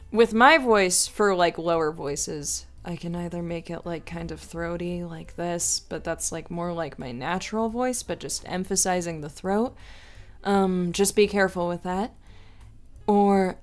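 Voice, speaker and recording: A woman voice actress casually answering viewer questions, chatty and full of fillers. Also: lowish voice. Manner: chatty, lots of filler words like "like" and "um". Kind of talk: casual Q&A advice.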